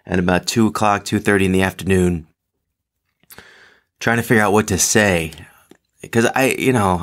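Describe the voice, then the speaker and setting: A man's voice: deep voice, fairly bright tone. A man hosting his own podcast in casual solo chat, rambling with lots of ums and restarts, joking at his own expense. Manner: rambling, full of ums and restarts, self-deprecating. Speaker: podcast host.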